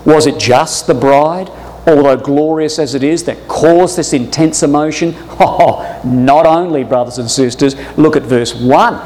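A man preaching a Bible-school sermon, emphatic, moving between hushed asides and stirred outbursts. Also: on the high side, unhurried, in a large hall, rough recording.

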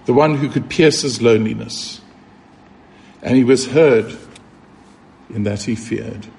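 A man's voice: mid-range voice, a little slow, creaky, darkish tone, slight background noise. A man preaching a sermon, earnest and emphatic, repeating key points and asking rhetorical questions.

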